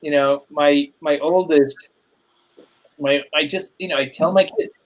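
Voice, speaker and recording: Chatty middle-aged man, somewhat high voice. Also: steady tone, measured pace, low-quality recording. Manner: rambling anecdotes with fillers and laughs. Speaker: guest. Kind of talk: casual storytelling chat.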